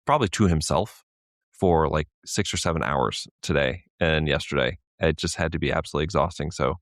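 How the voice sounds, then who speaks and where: A man co-hosting a sports podcast in a casual, chatty way, laughing often and getting animated when telling a story. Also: rumbling low, brisk, dry recording, clean studio sound. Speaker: podcast co-host. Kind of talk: casual chat.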